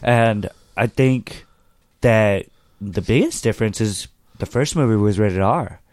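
A man's voice: on the low side, unhurried, a little mellow, no room sound, studio quality. A man with a sore throat and a nasal voice, co-hosting a podcast in easygoing casual chat. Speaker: podcast co-host.

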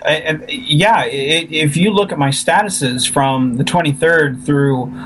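Animated man venting in casual chat. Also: a little high, measured pace, slight background noise, poor audio. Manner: animated, frustrated, repeats himself. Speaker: fan filmmaker.

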